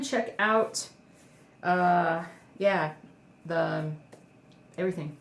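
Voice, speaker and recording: A woman's voice: fairly low pitch, steady tone, extremely slow, long pauses, roomy sound, background noise. A woman chatting casually to camera at home, rambling with lots of fillers and cooing at her dog. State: emotional, near tears. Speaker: cross stitch vlogger. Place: indoors at home.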